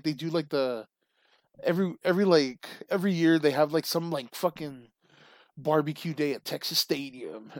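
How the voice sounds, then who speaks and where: Man, slightly high voice, animated, swearing, laughing, casual chat, dry close sound. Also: no echo.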